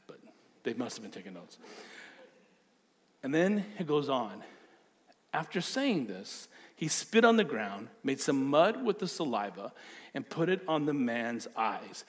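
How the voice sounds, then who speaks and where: Lively, emphatic preacher man. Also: unhurried. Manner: dynamic preaching, dropping low then rising to emphatic bursts. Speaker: pastor. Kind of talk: sermon.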